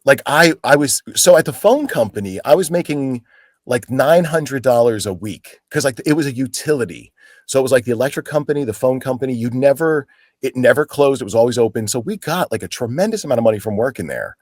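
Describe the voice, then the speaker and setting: A man's voice: mid-range voice, brisk, no echo, clean studio sound. A man in his forties from Pennsylvania, an actor telling stories as a guest in a casual, chatty way, filling his talk with "like". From Pennsylvania, United States. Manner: animated, chatty, full of "like" fillers, acts out quoted people. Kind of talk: casual storytelling in an interview.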